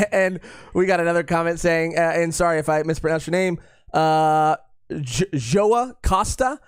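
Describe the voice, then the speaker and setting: A man's voice: on the high side, a little slow, smooth, no room sound, clean studio sound. A man co-hosting a podcast live stream, chatting casually and rambling with lots of fillers and repeated phrases. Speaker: podcast co-host.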